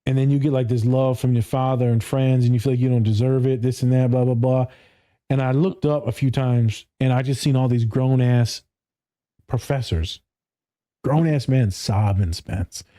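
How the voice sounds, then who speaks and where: Man, therapist, casual podcast chat, profane and blunt, laughs a lot, very dark mellow voice. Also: moderate pace. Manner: animated, mimics clients in higher voices. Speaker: therapist and speaker.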